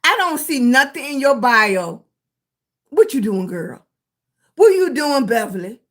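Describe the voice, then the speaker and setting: A woman's voice: high voice, very animated, measured pace. A middle-aged woman with a Southern accent hosting a casual live stream, greeting her viewers by name with endearments and encouraging them to keep going. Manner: warm greetings to chat viewers, with terms of endearment; encouraging, motivational. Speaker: livestream host.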